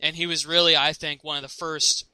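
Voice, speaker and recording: A man's voice: fairly high pitch, little pitch movement, a little fast, sharp tone, smooth, no echo. A man interviewing a guest in a casual conversation, giving short acknowledgements and filling in background for listeners. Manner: brief attentive acknowledgements, explains for listeners. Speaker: interviewer, show producer.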